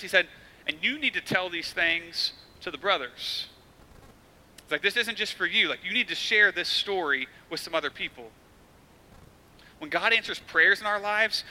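A man's voice: high voice, bright, forceful tone, rough recording. A man in his thirties, a pastor preaching a sermon in a casual storytelling way, acting out quotes.

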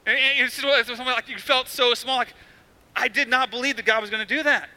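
Bright-voiced man preaching conversationally. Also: very high voice, fairly even intonation, fast talker, rough recording. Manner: conversational storytelling preaching with acted quotes. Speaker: pastor. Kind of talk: sermon.

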